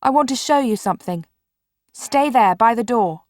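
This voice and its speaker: A woman's voice: a little high, animated, moderate pace, a little mellow, no echo, studio quality, voice pushed up, lightly acted. A woman voicing a cheerful, determined young boy in a storybook reading. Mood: proud.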